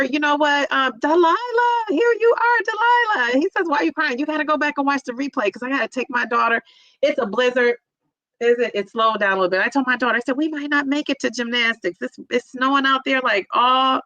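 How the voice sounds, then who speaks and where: A woman's voice: on the high side, sharp tone, no echo, low-quality recording. A middle-aged woman livestreaming, chatting emotionally and tearfully with viewers while reading the chat, with lots of fillers. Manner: emotional, teary, many fillers. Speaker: vlogger reading live chat.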